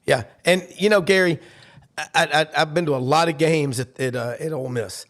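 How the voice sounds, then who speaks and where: A man, co-hosting a casual sports talk show and telling animated stories with lots of restarts. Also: fairly high pitch, normal speed. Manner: animated storyteller, many restarts. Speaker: co-host.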